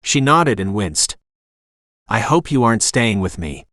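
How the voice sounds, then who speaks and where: A man's synthetic voice reading a romance novel as audiobook narration, smooth and even in delivery. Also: on the low side, a little slow, no echo, clean studio sound. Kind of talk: scripted narration.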